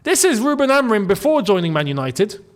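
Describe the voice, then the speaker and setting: A man hosting a casual football commentary video, talking straight to the camera and to the players he mentions. His voice sits high and swings widely, teasing and emphatic. He mixes jokes with blunt advice. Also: fairly quick. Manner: animated, jokey, talks straight to viewers and players. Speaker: football channel host.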